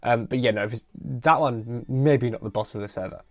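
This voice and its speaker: A man's voice: medium pitch, fairly quick, no room sound. A man hosting a casual solo podcast into a headset mic, rambling and self-deprecating, tired and loopy after midnight. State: tired and loopy late at night. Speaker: podcast host.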